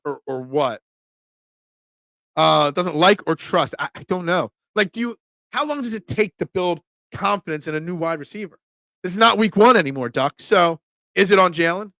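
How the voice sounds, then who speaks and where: Animated, high-voiced sports talk host. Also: male voice, gravelly, no echo, clean studio sound. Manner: animated, emphatic, reads chat aloud. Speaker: sports talk host reading viewer comments. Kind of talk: casual live-stream chat.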